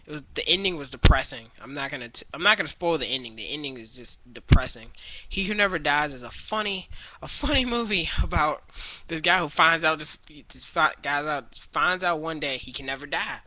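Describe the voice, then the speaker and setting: A young man ranting casually to his webcam about movies he has watched, rambling and restarting often, sometimes mimicking people in a high voice. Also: animated, fairly quick, bright, forceful tone, slight background noise, rough recording. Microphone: webcam mic.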